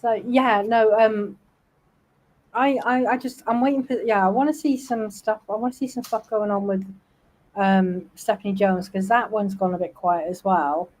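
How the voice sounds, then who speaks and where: A woman's voice: medium pitch, steady tone, normal speed, darkish tone, poor audio. A British woman hosting a casual livestream panel chat, talkative and snarky, often breaking into laughter. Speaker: livestream host.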